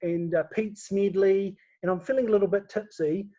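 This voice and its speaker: A man's voice: high voice, fairly even intonation, moderate pace, mellow, muffled recording. A man chatting casually as a guest, laughing often and restarting his words. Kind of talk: casual chat.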